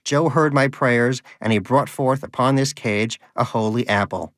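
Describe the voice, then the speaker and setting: A man's voice: mid-range voice, moderate pace, a bit bright, dry recording, clean studio sound, close to an everyday voice. A man voicing a pious, bitter hamster. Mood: preachy. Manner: earnest, preachy, indignant. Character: pious hungry male pet hamster, bitter and preachy.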